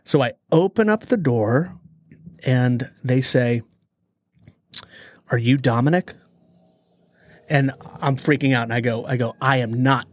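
Animated storytelling man, dry close sound. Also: medium pitch, no room sound. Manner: animated storyteller, dramatic pauses. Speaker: podcast co-host. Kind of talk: casual storytelling chat.

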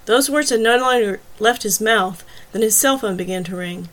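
A woman's voice: mid-range voice, normal speed, fairly bright tone. Woman narrating an audiobook thriller. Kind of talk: scripted narration.

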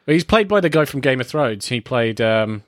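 A man's voice: medium pitch, very animated, brisk, no echo, studio quality. Chuckling man gushing about a film. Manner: enthusiastic, chuckling, joking asides. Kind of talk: casual film review chat.

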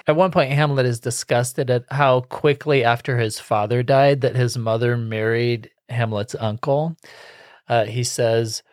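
A man's voice: medium pitch, steady tone, measured pace, no echo. A man in his forties co-hosting a podcast, chatting casually with a dry, joking delivery. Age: 40s. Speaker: podcast co-host.

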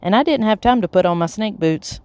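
A reader voicing an anxious, excitable young girl with a raised, worried voice. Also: mid-range voice, a little fast, clean tone, dry recording, natural voice.

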